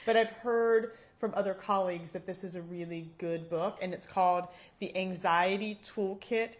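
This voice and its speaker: A woman co-host speaking in an earnest, encouraging way, offering practical tips in casual chat. Her voice sits at an ordinary middle pitch. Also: fairly even intonation, normal speed. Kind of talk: casual talk-show chat. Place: sunroom in her home.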